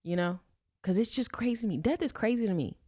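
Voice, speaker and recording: A woman in her late twenties from Los Angeles, telling a personal story on a podcast in a slangy, animated way and acting out the scenes. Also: mid-range voice, fast talker. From Los Angeles, USA. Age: 20s. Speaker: podcast host. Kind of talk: casual storytelling.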